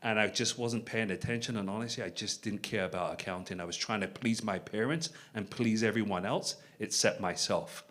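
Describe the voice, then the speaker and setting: A middle-aged man with a somewhat low voice speaks earnestly to an audience. He tells a personal story in a reflective way, repeating his key points. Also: fairly quick, hardly any pauses, fairly bright tone. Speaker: panel speaker. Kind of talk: personal story at a panel event.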